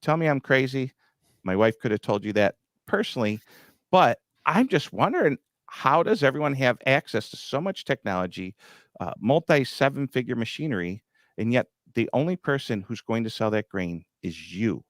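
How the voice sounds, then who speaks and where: A man's voice: medium pitch, very animated, normal speed, no room sound, clean studio sound. A middle-aged man hosting a grain market show, talking bluntly with a teasing edge. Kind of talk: market commentary.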